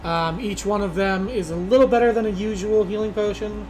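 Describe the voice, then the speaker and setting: A man narrating a tabletop game as game master, relaxed and full of fillers, in a noisy recording. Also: sits high, a little fast, music in the background.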